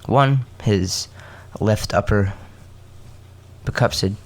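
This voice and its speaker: A man hosting a podcast, reading a story aloud with halting restarts and joking asides. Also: lowish voice. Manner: halting, self-correcting, joking asides between coughs.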